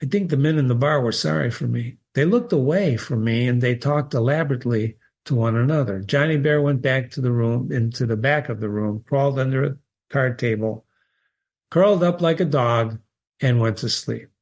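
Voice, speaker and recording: A man reading a short story aloud as the show's host, expressive and lifting his pitch on key words. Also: moderate pace. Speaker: reader.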